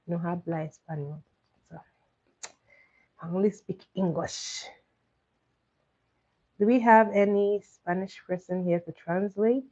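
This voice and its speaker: A woman with a medium-pitched, dark-toned voice hosts casual trivia on a live stream, talking slowly with long pauses. Coaxing her audience, she reads each question out to chat and repeats it. The audio is dull and lo-fi.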